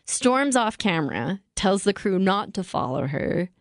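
A woman's voice: mid-range voice, big pitch swings, measured pace, no room sound, clean studio sound. Opinionated woman podcast co-host. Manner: opinionated, narrates events step by step. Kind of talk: casual chat recapping a reality show.

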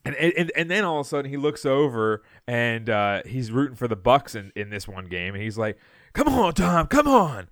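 A man co-hosting a podcast, telling a story in casual chat and acting out loud quotes, with many fillers. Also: mid-range voice, fairly quick, hardly any pauses, no echo, clean studio sound. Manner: animated storyteller, acts out shouted quotes. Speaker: podcast co-host.

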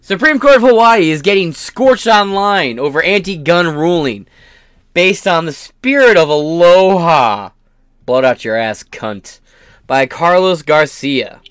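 A man's voice: on the high side, lively intonation, a little slow, fairly bright tone, clean tone, dry recording, clean studio sound. A man hosting his own podcast, ranting in a profane, sarcastic and combative way. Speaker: podcast host.

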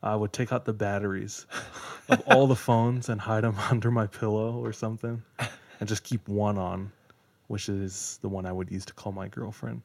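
Young man, co-host, rambling, laughs a lot, slightly low voice. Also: steady tone, moderate pace, creaky. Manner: laughs often, rambling, says dude. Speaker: podcast co-host. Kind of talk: casual chat, personal anecdote.

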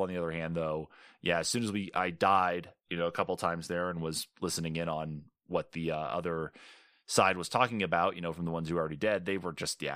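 A man's voice: low-pitched, bright, forceful tone, no room sound, studio quality. A man co-hosting a casual gaming podcast, talking in a rambling, agreeable way with many fillers. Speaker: podcast co-host.

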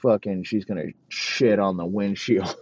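A man's voice: lowish voice, steady tone, a little slow, a little mellow, slightly rough. A man hosting a show, delivering a rambling, profane comedic rant full of mock outrage and heavy swearing. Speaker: podcast host. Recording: dull, dry lo-fi recording.

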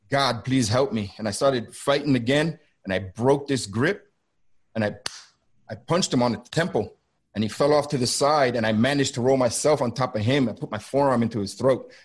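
Middle-aged man, ex-border agent, mid-pitched voice, intense and halting, talking over a video call. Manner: intense, halting, repeats himself. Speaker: former federal border agent, guest. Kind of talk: first-person storytelling on a video call.

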